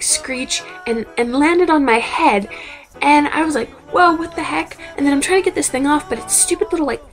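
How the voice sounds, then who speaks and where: Chatty young woman with gravelly voice. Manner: animated, chatty, acts out quotes in higher voices. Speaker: vlogger. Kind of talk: casual storytelling vlog.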